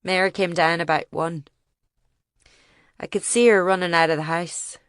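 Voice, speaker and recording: A grieving older farmer , as a woman reads him recounts that day in plain, halting dialect. The voice is lowish and the recording is dry and close. It is an audiobook reading. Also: fairly even intonation, a bit bright, clean tone, no room sound, natural voice. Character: grieving older male farmer telling of a bombing.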